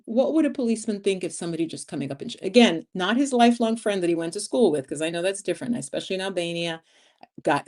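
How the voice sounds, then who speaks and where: An American woman in her fifties hosting a vlog, chatting casually with viewers, reading their comments and acting out quotes with frequent laughs. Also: mid-range voice. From United States. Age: 50s. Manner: chatty and animated, laughs often, acts out quotes. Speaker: vlog host.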